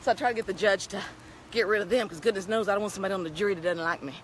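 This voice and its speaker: A woman's voice: mid-range voice, rapid-fire, slight background noise. A middle-aged woman with a Texan accent talks in a chatty, upbeat and folksy way as she walks along a street outdoors, speaking into a handheld phone. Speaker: vlogger. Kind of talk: casual talking-head vlog. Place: outdoors on a town street, walking.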